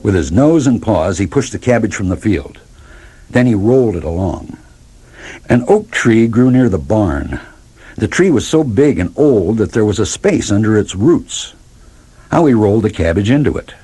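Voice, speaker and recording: A man reads a children's story aloud in a lowish, husky voice. His delivery is lively, and his pitch moves widely from line to line. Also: normal speed. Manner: lively expressive reading. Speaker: narrator.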